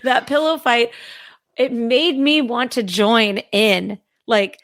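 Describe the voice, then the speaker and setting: A woman's voice: a little high, fairly even intonation, takes it slowly, a bit bright, no echo, clean studio sound. A woman co-hosting a casual podcast discussion, eager and giggling often. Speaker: podcast co-host.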